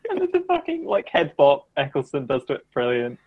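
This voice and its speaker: A man co-hosting a casual chat, animated, laughing often and jumping up in pitch when excited. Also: normal speed, breathy edge, phone-quality sound. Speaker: podcast co-host.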